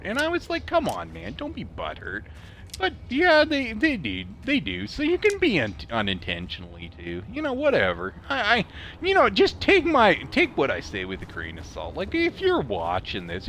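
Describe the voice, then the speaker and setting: Man, high and bright, Canadian accent with a southern drawl, rambling gaming streamer, laughs a lot, snarky. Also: a little hiss or hum. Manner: chatty, laughs often, snarky asides. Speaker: let's play streamer. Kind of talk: rambling story while gaming.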